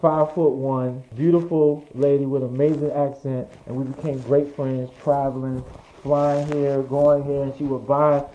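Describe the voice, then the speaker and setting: A man from New York telling his life story as an interview guest, animated, swearing freely and acting out what others said. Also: medium pitch, moderate pace. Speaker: interview guest, fashion designer. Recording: dull lo-fi audio.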